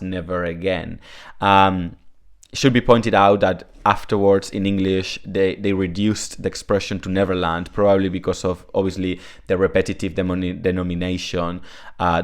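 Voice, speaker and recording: Rambling low-voiced man. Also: clean tone. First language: Spanish. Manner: chatty, rambling, self-deprecating, filler-heavy. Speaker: Spanish teacher. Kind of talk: casual video lesson.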